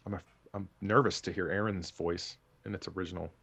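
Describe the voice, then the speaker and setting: A man's voice: low voice, steady tone, brisk, gravelly, fairly bright tone, slightly rough. A man thinking aloud and laughing often as he reacts to a show he is watching for the first time. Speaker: anime reaction host. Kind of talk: casual reaction commentary.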